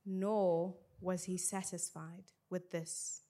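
A woman reading a passage aloud in a measured, deliberate way during a sermon. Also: lowish voice, level tone, dark tone. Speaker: scripture reader.

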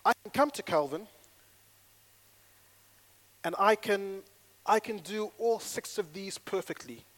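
A male pastor preaching a sermon in an animated way, acting out little dialogues and swinging between loud and hushed delivery. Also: sits high, slow.

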